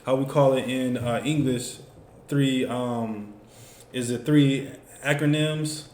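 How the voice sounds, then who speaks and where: Slow and fairly even, with a mid-range voice and darkish tone, this teacher leads a class in an easygoing, rambling way, leaning on fillers like "you know what I'm saying." He's recorded in a reverberant room with faint noise.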